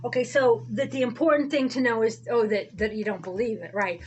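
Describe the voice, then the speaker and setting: A woman's voice: on the high side, steady tone, fairly quick, hardly any pauses, husky, poor audio. A woman reverend rambling through a spiritual monologue, sarcastic and digressive, often losing her thread and starting over. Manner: sarcastic, digressive, self-interrupting. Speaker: reverend, online host.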